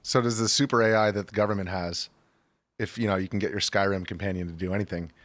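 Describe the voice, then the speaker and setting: A man's voice: deep voice, steady tone, fast, fairly bright tone, no room sound. A man co-hosting a talk show, making wry joking interjections. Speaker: co-host.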